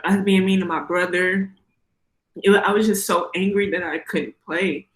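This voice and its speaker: A young woman giving a personal testimony in a church, telling her story in a casual, hesitant way with many fillers and a soft, heartfelt tone. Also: lowish voice, fairly even intonation, moderate pace, echoey room, rough recording.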